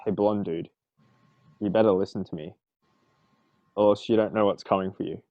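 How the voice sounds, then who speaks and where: A man voicing his adventurer, lowering his voice to make a serious threat. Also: steady tone, moderate pace, no room sound, lo-fi sound, close to an everyday voice. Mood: menacing. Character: male adventurer trying to sound menacing.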